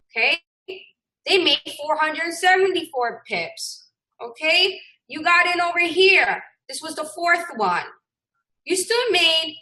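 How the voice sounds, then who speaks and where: Woman, trading instructor, high voice, bright tone, blunt, swears, loud then muttered. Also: low-quality recording. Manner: brash and blunt, swears freely; swings between loud bursts and muttering. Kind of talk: casual screen-share lesson.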